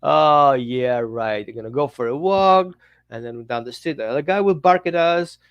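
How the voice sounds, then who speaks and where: A tired pet dog grumbles about the walk ahead in a low, resigned voice, as a man puts him on. The sound is close and dry, with no room around it. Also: expressive, fairly quick, no room sound, lo-fi sound, natural voice. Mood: weary grumbling.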